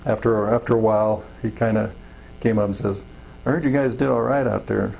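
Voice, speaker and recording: A man's voice: on the low side, fairly even intonation, fairly quick, gravelly, darkish tone, husky, rough recording. A middle-aged man telling folksy, rambling stories in an interview, full of fillers and acted-out quotes. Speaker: interviewee, wildland fire chief. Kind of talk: casual storytelling interview.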